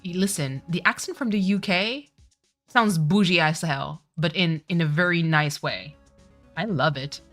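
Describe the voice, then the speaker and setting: Woman, low voice, slow talk, giggly, faint music behind. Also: a bit bright. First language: French. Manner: giggly, apologetic, self-correcting. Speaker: streamer. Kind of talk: casual let's-play commentary.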